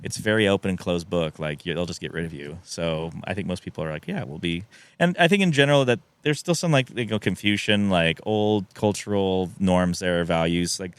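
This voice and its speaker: Deep-voiced guy rattling off a story quick, does the voices, laughs a lot. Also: smooth, dry recording. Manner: animated storyteller, acts out quotes, laughs often. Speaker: podcast guest. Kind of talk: casual storytelling. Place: podcast studio.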